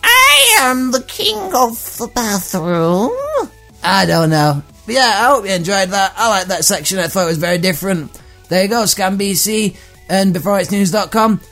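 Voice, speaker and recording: A man's voice: high-pitched, a little fast, creaky, a bit bright, soft background music. A man hosting a comedy podcast, riffing irreverently and profanely on news items. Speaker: podcast host. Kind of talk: comedic monologue reading tweets.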